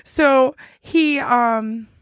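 A woman's voice: sits high, extremely slow, clear, resonant tone, dry recording, clean studio sound. A woman chatting casually and animatedly, laughing often and acting out text messages. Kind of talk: casual chat, storytelling.

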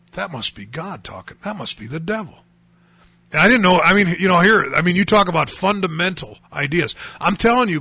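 A man's voice: a little high, vocal fry, pushed and bright, breathy edge, no room sound. A man from North Dakota telling his personal testimony in an earnest storytelling way that rises to emphatic bursts. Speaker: testimony speaker.

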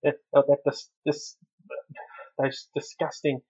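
A man's voice: on the high side, monotone, slow, mellow, breathy edge, muffled recording. A man playing a crude, blustering father who stammers and repeats himself in a comedy sketch. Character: crude blustering middle-aged dad.

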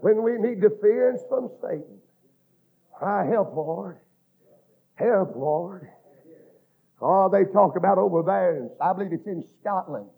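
A man preaching a fiery revival sermon, chanting and rising into shouted cries. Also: high-pitched, normal speed, vocal fry, slightly rough. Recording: tinny phone-like lo-fi recording.

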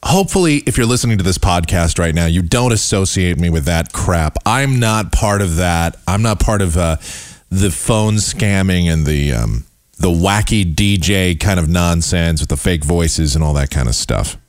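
A low-pitched American man hosting his own show, ranting with scorn. His pitch swings widely as he mocks what he hears. The sound is dry and close, with no room around him. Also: moderate pace, dry recording. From United States. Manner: scornful, animated, mocks voices he dislikes. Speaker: podcast host and broadcaster. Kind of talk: ranting commentary.

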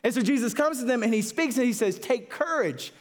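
A man pastor preaching a sermon with passion, repeating phrases and rising to excited peaks. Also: fast. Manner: impassioned, repetitive, builds to excited high-pitched peaks.

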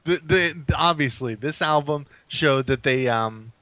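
A man's voice: fairly high pitch, measured pace, pushed and bright, dry recording. A man co-hosting a podcast, chatting casually about an album with lots of "um" and "like" and casual swearing. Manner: rambling, frequent "um" and "like", swears casually. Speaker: podcast co-host. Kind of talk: casual music review chat.

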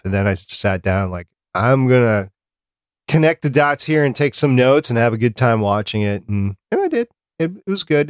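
A man hosting a podcast in casual chat, relaxed and making joking asides. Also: lowish voice, no room sound, clean studio sound. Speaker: podcast host.

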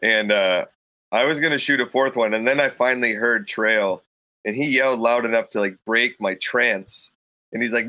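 A man's voice: mid-range voice, a little slow, pushed and bright, no echo, poor audio. A man in casual conversation, telling a story vividly and acting out quoted thoughts with a raised voice into a studio microphone. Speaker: podcast guest telling a hunting story.

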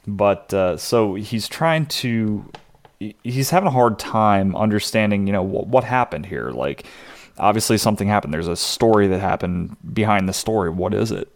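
Brief: male podcast co-host, deep, relaxed and hesitant, dry mic. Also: normal speed, dry recording. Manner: laid-back, hesitant with fillers. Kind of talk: casual chat recapping a TV episode.

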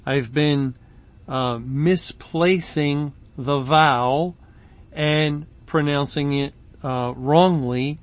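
A man leading an evening Bible study, talking slowly and deliberately. His voice sits a little high for a man. He pauses often and fills gaps with ums. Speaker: Bible teacher.

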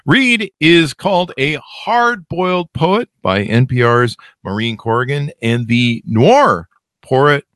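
Male podcast host, loose self-mocking patter, lively pitch, dry close sound. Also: slow pace, dry recording. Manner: joking, self-mocking, meandering. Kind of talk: casual rambling intro.

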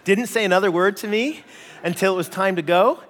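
A Canadian man preaching a sermon, an animated storyteller who acts out voices and jokes at his own expense. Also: high-pitched, fairly quick, big-room sound. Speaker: pastor.

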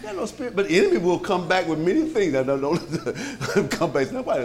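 A pastor preaching to his congregation in a lively, conversational way, with many rhetorical questions and frequent chuckles. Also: sits high, brisk. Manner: chuckles often. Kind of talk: sermon.

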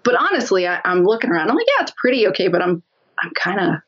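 A woman guest telling a lively story in a casual interview, laughing often as she talks. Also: mid-range voice, fast, husky, dull audio.

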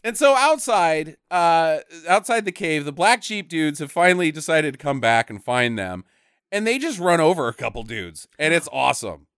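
Woman with a lively, mocking recap voice. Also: sits low, moderate pace, clean tone, no room sound, studio quality. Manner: animated, mocking, swears freely. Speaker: podcast co-host. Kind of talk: casual movie recap chat.

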